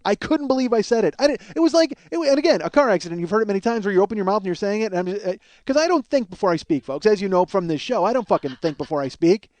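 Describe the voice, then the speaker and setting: A man's voice: sits high, expressive, rapid-fire, few pauses, darkish tone, no room sound. A man hosting a podcast, telling a long comic story in a profane, ranting, self-mocking way. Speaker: podcast host. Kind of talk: solo comedic storytelling monologue.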